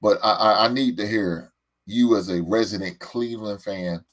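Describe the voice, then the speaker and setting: Low-pitched male sports host, exasperated fan rant, stammers and repeats. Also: normal speed.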